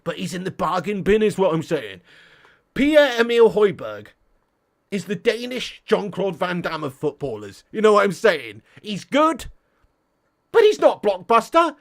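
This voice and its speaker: A man with a fairly high voice hosts a football fan livestream in loose, casual chat. He rants, swears freely and banters with viewers as he reads out their comments. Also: measured pace, creaky. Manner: ranting, swearing, animated banter. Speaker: football fan channel host.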